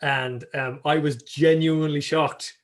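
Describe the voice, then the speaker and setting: A man co-hosting a casual podcast, rambling with plenty of halting restarts. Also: fairly high pitch, steady tone. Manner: rambling, halting, lots of fillers. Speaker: podcast co-host. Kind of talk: casual chat.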